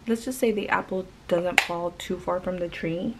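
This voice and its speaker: A woman's voice: lowish voice, fairly even intonation, normal speed, heavy background noise. A woman vlogger and mother telling a story in casual chat, rambling with many fillers.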